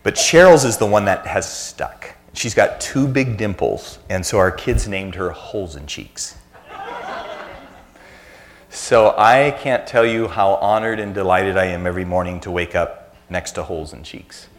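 A man's voice: deep voice, a little slow. A man in his fifties, a church speaker giving a conversational sermon full of self-deprecating family anecdotes.

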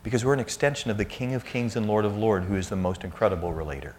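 A man in his fifties with a notably low, deep voice addresses a congregation in a relaxed, conversational sermon. He weaves in self-deprecating family stories before turning to his teaching. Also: quick pace, slight background noise. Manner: anecdotal, self-deprecating storyteller. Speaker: church speaker.

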